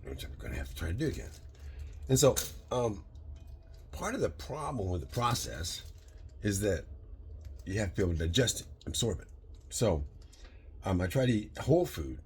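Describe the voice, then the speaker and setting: A deep, darkish voice belongs to a vlogger in his sixties with a Michigan accent, chatting while he cooks in his kitchen. He talks fast in bursts and strays into philosophical tangents, over a little hiss or hum.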